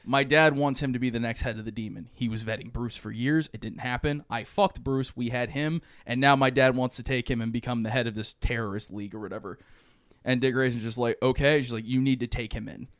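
A man's voice: medium pitch, a little fast, clean tone, no echo, clean studio sound. A young man on a podcast, casually retelling a movie plot and acting out the characters' lines with plenty of swearing. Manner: animated storytelling, acting out characters' lines, frequent swearing and laughs. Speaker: podcast co-host.

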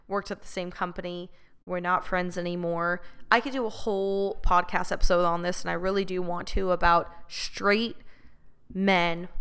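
A woman's voice: medium pitch, a bit bright, smooth. A woman podcast host telling a personal story to her listeners, blunt and profane, slipping into rants.

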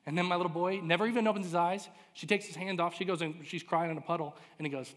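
A man in his thirties, a pastor telling a personal story in a sermon, animated and self-deprecating. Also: high voice, quick pace. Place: large church hall. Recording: reverberant hall.

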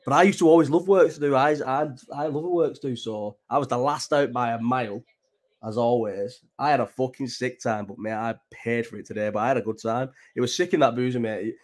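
A young man from England talks straight to his viewers in a late-night stream. His chat is loose and sweary, and he rambles with lots of restarts. His voice sits at a middling pitch for a man. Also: fairly quick. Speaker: livestream host. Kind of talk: casual chat.

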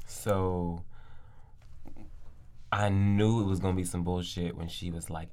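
A man's voice: low voice, flat delivery, a little slow, long pauses, warm tone. A young man co-hosting a casual podcast, making dry, wry asides and mimicking the people he quotes. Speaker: podcast co-host. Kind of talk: casual chat.

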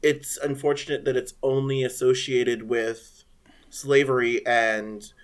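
A man's voice: medium pitch, level tone, measured pace. A man in a casual discussion, talking in an easygoing way and laughing often.

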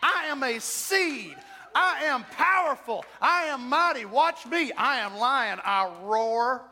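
A man preaching a sermon as pastor, with shouted whoops and emphatic repetition. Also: very high voice, lively intonation, slow pace. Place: church sanctuary. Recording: church hall reverb.

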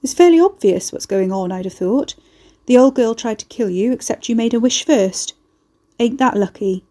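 A woman's voice: fairly high pitch, expressive, normal speed, mellow. A woman voicing a cheeky male neighbour who teases in breezy slang. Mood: sly. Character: cheeky working-class male neighbour, sly.

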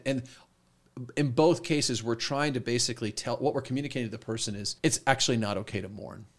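A man who is a pastor, telling a story in a casual podcast chat and acting out quoted lines with lively energy. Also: mid-range voice, quick pace.

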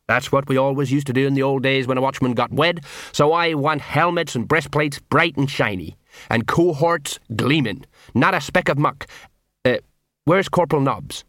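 A man's voice: mid-range voice, normal speed, a bit bright, no room sound, clean studio sound, natural voice. A man voicing a tired, middle-aged city watch sergeant in a storybook reading. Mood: weary. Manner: weary.

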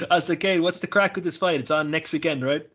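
A man's voice: a little high, a bit bright, slightly rough. A young man hosting a podcast, chatting casually with lots of swearing and laughter. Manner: sweary, ranting, quick to laugh. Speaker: podcast host. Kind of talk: casual chat.

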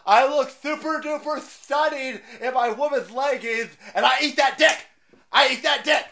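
A man voicing a flamboyant male protester in a shrill, squealing mock voice. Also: normal speed, exaggerated voice. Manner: squealing mockery, shouted.

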